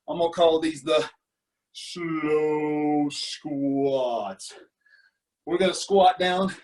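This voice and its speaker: A man coaching a youth golf class over video, talking kids through a lesson and counting out exercises as he does them. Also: fairly high pitch. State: out of breath during burpees. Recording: voice a little distant from the mic.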